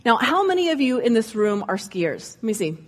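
A slightly husky woman with a fairly high voice tells comic stories to a live audience. She is lively and playful, throwing herself into the characters' voices as she goes. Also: a little fast. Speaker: public speaker, former ski instructor. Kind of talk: humorous storytelling speech. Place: room with an audience.

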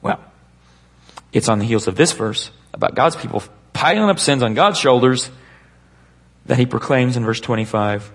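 Male preacher, gravelly voice, husky tone, emphatic sermon delivery, slow dramatic phrasing. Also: medium pitch. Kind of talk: sermon to a live congregation.

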